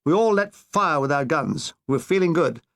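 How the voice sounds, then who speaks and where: A man's voice: fairly high pitch, animated, normal speed, fairly bright tone. A man narrating his own war memoir as an audiobook, in a dry, wry storytelling manner.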